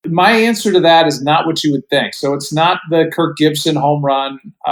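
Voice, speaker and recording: A man's voice: medium pitch, normal speed, hardly any pauses, rough recording. Reflective middle-aged man telling stories. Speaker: guest broadcaster. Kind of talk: relaxed podcast storytelling.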